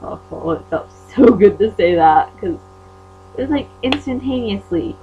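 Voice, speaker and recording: A teenage girl from Utah tells a story in a casual vlog rant, chatty and indignant. She leaps into loud, high-pitched bursts when she quotes people. The recording is muffled and lo-fi, with a faint electrical hum underneath. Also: lively intonation, moderate pace. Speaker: vlogger. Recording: dull lo-fi webcam audio with faint mains hum.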